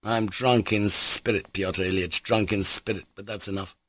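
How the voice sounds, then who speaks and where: Male narrator doing a wild, exclamatory young nobleman on a spree, raised and loud, dry close read. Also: on the low side, fairly even intonation, normal speed, no room sound. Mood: brooding. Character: reckless, excitable young nobleman on a drunken spree. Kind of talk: audiobook character reading.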